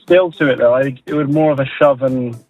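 A man's voice: medium pitch, brisk, narrow, tinny audio, faint music behind. A man chatting as a guest on a radio show, laid-back with dry self-deprecating humor. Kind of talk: casual radio chat.

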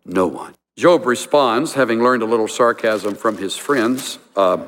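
A middle-aged man preaching a sermon, telling folksy stories and jumping into high voices for the people he quotes. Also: a little slow, a bit bright. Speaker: pastor. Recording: long hall reverb.

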